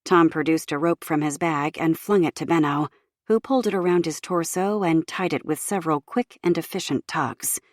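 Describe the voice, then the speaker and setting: Low-voiced woman narrating an audiobook. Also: moderate pace, no echo, clean studio sound.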